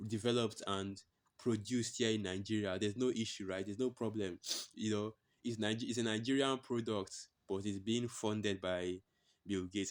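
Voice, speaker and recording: A man giving blunt, profane religious commentary that he breaks up with scripture readings, repeating his phrases for emphasis. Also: fairly low pitch.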